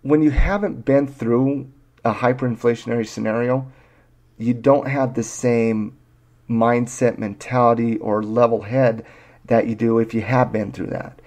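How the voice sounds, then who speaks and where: A man's voice: medium pitch, steady tone, unhurried, darkish tone. A man hosting a casual finance podcast, joking with his co-hosts and reading quotes aloud. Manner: jokey, reads quotes aloud. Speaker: podcast host.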